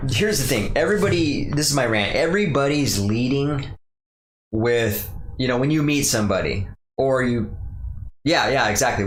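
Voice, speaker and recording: A young man hosting a podcast, rambling casually through a solo rant and mimicking other people in quotes. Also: mid-range voice. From Pacific Northwest. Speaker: podcast host. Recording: echoey room.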